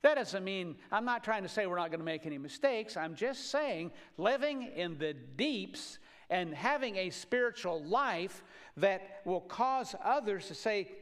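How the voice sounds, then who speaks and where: A man preaching a sermon with a high, light voice. His delivery is folksy and earnest, rising to loud exhortation and then dropping to quiet, confiding asides. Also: animated, unhurried. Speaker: pastor.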